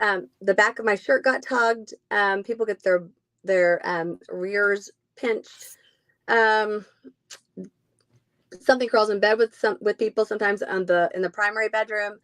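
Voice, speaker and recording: A woman's voice: mid-range voice, a bit bright, no room sound. A woman who owns a haunted house, chatting casually in an interview with many ums and frequent laughs.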